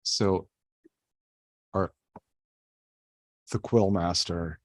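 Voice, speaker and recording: A man's voice: low-pitched, fairly even intonation, drawn-out words, darkish tone, dry recording. A man co-hosting a podcast in casual chat, rambling loosely and swearing offhandedly. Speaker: podcast co-host.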